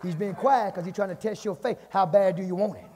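A pastor preaching a fiery sermon, shouting, chanting and calling out to his congregation in a church. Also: high voice, fast talker. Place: church sanctuary. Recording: long church reverb, congregation faintly behind.

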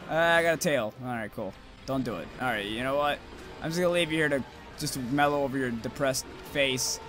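A young man commentating his own gameplay, rambling to himself and cursing loudly at the monsters. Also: a little high. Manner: profane, rambling, yells at monsters.

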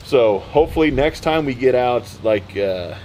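A man's voice: medium pitch, expressive, noisy background. A man casually unboxing returned goods for his channel, joking and stretching out words. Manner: playful, jokey, drawn-out words. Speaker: reseller unboxing return pallets.

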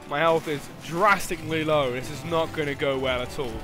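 A young man giving live gameplay commentary, swinging from loud swearing outbursts to low muttering as he plays. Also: fairly even intonation, normal speed, over music. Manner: swears and yelps at the game. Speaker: gaming commentator.

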